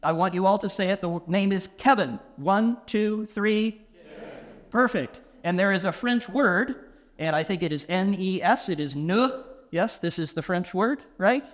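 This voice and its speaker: A man's voice: sits high, expressive. Playful man giving a conference keynote. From England. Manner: playful, quizzes the audience, slow deliberate phrasing for non-native listeners. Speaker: keynote speaker. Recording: long hall reverb.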